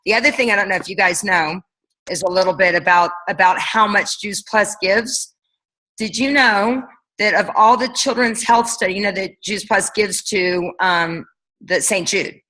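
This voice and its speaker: A woman's voice: mid-range voice, moderate pace, sharp tone, poor audio. A woman coaching her team on a leadership call, talking casually and energetically, firing off rhetorical questions. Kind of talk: motivational coaching talk.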